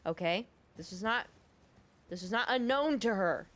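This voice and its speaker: A woman's voice: medium pitch, animated, normal speed, a bit bright. A woman making a gaming video who tells a story in a casual, rambling, profane and sarcastic way. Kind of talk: casual storytelling over gameplay.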